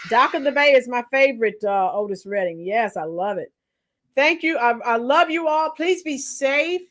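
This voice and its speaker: A woman's voice: on the high side, expressive, normal speed. A woman in her fifties hosting a casual livestream, chatting with viewers and now and then breaking into song. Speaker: livestream host and schoolteacher. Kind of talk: casual livestream chat reading the chat.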